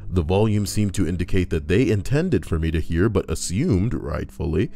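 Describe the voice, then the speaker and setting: A man's voice: deep voice, expressive, normal speed, gravelly, dark tone. A man reading online stories aloud and cutting in with crude, joking asides. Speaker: YouTuber reading Reddit posts. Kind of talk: comedic reading with commentary. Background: faint background music.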